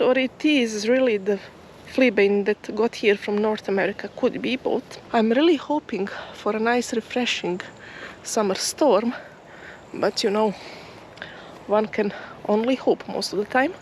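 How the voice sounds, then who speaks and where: A woman vlogging outdoors in a field, musing softly and hesitantly as she walks. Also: fairly high pitch, moderate pace, slight background noise. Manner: soft, musing, slightly hesitant. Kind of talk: casual outdoor vlog narration. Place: outdoors in a field near a forest.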